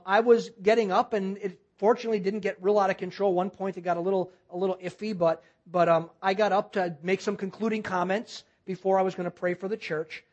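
A minister telling a story in a sermon, earnest, halting and restarting often. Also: medium pitch. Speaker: guest minister.

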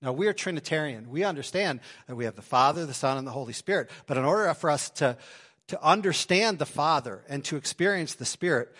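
A man preaching a sermon to his congregation in a church, swinging between loud emphasis and quiet asides. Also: fairly high pitch, expressive, a little fast. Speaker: pastor. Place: church sanctuary.

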